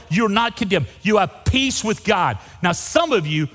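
A man's voice: high-pitched, animated, normal speed, hardly any pauses, a bit bright, long reverb tail. A man preaching a sermon as pastor, emphatic and repeating key phrases for effect.

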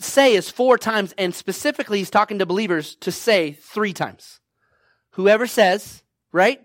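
A man's voice: high voice, a bit bright, no room sound. A man preaching a sermon to his congregation, exhorting them and asking "right?" and "come on now" over and over. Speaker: pastor.

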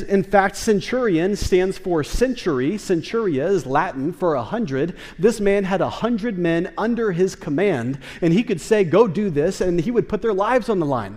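High-voiced man preaching in a reverberant church. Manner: animated preaching, rising to loud emphatic bursts. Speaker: pastor. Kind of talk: sermon. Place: church sanctuary. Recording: long reverb of a church hall.

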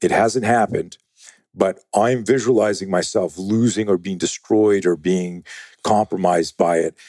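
A low, husky male voice in casual podcast talk. He swears freely and tells animated stories, jumping into the voices of the people he quotes. The sound is close and dry. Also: a little slow, no echo. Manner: profane, animated storyteller acting out quotes. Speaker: guest, self-defense trainer.

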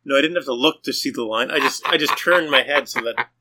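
A man's voice: mid-range voice, quick pace, pushed and bright. A middle-aged man co-hosting a casual podcast, reading instructions and joking along playfully. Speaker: podcast co-host. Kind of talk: casual chat.

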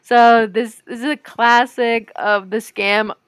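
A young woman with a Midwestern accent, co-hosting a casual podcast chat and telling stories in an animated, giggly way. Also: on the high side, takes it slowly, smooth, dry recording. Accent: Midwestern American. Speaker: podcast co-host.

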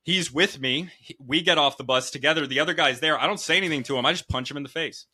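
A man hosting a podcast, telling personal stories in casual, animated, profane chat. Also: on the high side, fast, breathy edge. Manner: storytelling, swearing, animated. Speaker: podcast host. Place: Connecticut home.

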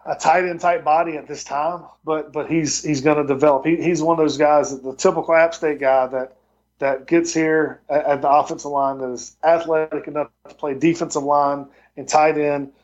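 Man, football coach, guest on a podcast. Somewhat high voice, rambling delivery with frequent restarts, dull lo-fi sound. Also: flat delivery, moderate pace. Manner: rambling storyteller with many restarts. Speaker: football tight end coach and recruiting coordinator. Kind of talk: casual podcast interview.

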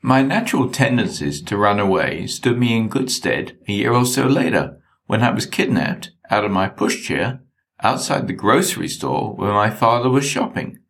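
A man reading his memoir in a wry, deadpan way. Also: on the low side, moderate pace, creaky. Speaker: narrator.

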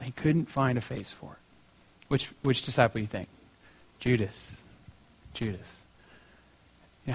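A young man preaching in a casual, chatty way, telling a story with many fillers like "you know". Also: medium pitch.

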